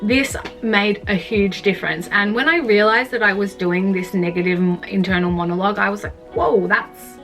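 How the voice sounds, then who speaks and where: A woman's voice: medium pitch, fairly even intonation, a little fast, few pauses, fairly bright tone, faint music behind. Candid young woman vlogging casually. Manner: casual, rambling, frequent "like", swears. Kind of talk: candid personal vlog about mental health.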